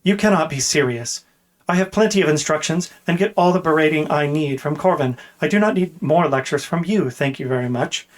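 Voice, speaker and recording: Brief: fiery, outspoken young princess-elect, read by a man, higher-pitched and exasperated. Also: brisk, lightly acted. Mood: outraged. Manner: raised, demanding, exasperated delivery.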